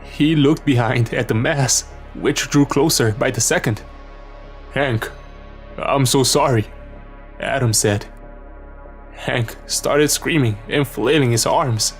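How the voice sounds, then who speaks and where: A man's voice: mid-range voice, unhurried. A man narrating a horror story in a tense, dramatic scripted reading. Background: background music.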